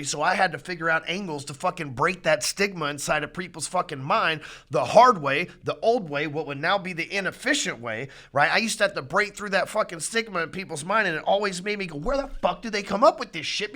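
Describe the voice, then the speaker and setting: A man's voice: high-pitched, animated, brisk. A middle-aged man hosting a podcast, ranting bluntly about sales and swearing freely. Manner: blunt, swearing, heated, climbs louder when riled. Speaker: podcast host. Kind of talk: profane motivational sales rant.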